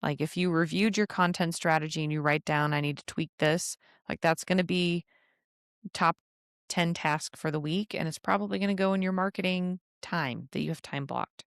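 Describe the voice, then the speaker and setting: Low-voiced chatty woman podcaster. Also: moderate pace, clear, resonant tone, no room sound, studio quality. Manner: chatty, laughs often, asides to herself. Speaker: podcast host and travel advisor. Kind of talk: casual solo podcast advice.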